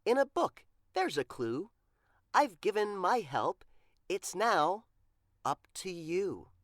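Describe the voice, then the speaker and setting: A prim, cheerful librarian speaks firmly and precisely, as a woman storyteller plays her. Her voice lifts and dips with lively pitch. She speaks slowly, as in a picture book read aloud. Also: dry recording, studio quality. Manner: firm, bright and precise.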